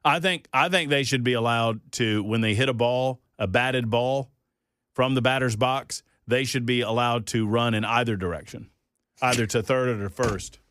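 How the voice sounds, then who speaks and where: A man's voice: mid-range voice, normal speed, dry recording. Guy hosting talk radio, folksy joking, dry close studio mic. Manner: folksy, jokey, rising to loud disbelief. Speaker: radio talk show host. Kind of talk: casual studio banter. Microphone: studio microphone.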